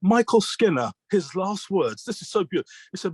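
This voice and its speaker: A man's voice: high-pitched, sing-song, brisk, darkish tone, husky, no room sound. A British magician being interviewed, telling stories in an earnest, reflective way and replaying his mentors' advice as quoted dialogue. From Britain. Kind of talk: conversational storytelling.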